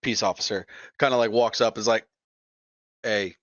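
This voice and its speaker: A man narrating as game master in a tabletop game, loose and laughing, sometimes yelling for a character. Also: on the low side, fairly even intonation, fast talker, dry recording. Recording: dull lo-fi mic in a dry room.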